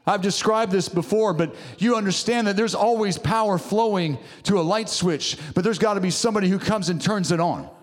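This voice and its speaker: A man delivers a sermon with fervent, exhorting energy, urging his listeners on again and again. His voice sits a little high for a man. The sound carries a long reverb from a large church hall. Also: a little fast, hardly any pauses. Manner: fervent, exhorting, often calls out "come on". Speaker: preacher.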